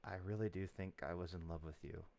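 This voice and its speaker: A man voicing a woman in a tabletop game; she is quiet, hesitant and earnest. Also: low-pitched, brisk, gravelly, pitched below the performer's own voice. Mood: tender. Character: woman confessing love, earnest.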